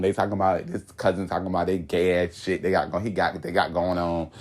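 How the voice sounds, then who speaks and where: A young Floridian guest on a podcast rambles through a story in relaxed conversation, talking fast in easygoing, slang-filled speech. His voice normally rests fairly low with little pitch movement, though he breaks into loud, high-pitched bursts and laughs between lines.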